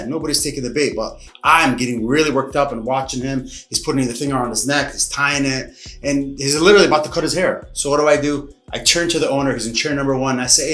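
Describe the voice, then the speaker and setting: Coach recounting a personal tale, mid-pitch man, animated, roomy echo. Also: fast talker. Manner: lively, dramatic retelling with acted-out quotes. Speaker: martial arts coach. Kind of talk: casual storytelling to camera. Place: martial arts academy room. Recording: echoey room, faint music behind.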